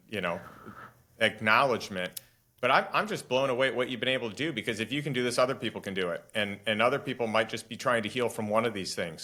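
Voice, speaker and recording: Bright-voiced enthusiastic podcast host. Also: male voice, lowish voice. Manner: enthusiastic, repeats words as he talks. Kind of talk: conversational interview.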